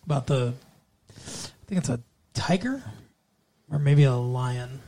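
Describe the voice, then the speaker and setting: A man's voice: medium pitch, animated, a little slow, dark tone. Joking male podcast host. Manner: jokey, playful, repeats intros in a mock radio-DJ voice. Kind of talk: casual chat with a co-host.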